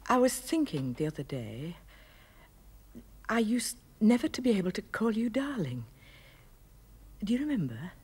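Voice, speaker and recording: An actress playing a wife fondly recalling her courtship in a soft, half-whispered letter voice-over for a 1970s television drama. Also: medium pitch, big pitch swings, normal speed, pauses often, slightly rough. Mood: tender, nostalgic.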